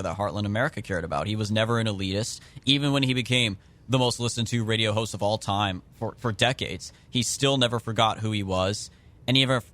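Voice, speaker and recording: A man's voice: on the low side, fairly bright tone. A man co-hosting a casual political podcast, speaking earnestly and addressing listeners directly. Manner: earnest and heartfelt, talks straight to listeners. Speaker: podcast co-host.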